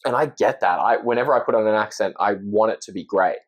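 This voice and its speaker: A man's voice: lowish voice, quick pace. A man with an Australian accent, talking earnestly and reflectively as a guest in a casual interview, often restarting his sentences. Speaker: podcast guest, actor.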